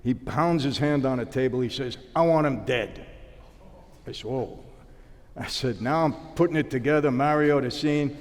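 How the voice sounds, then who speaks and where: A man tells a story in a sit-down interview and acts out each side of the conversation. His voice sits at an ordinary middle pitch. A long reverb trails after his words. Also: normal speed. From New York. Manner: animated storyteller acting out dialogue. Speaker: interview guest, former mobster.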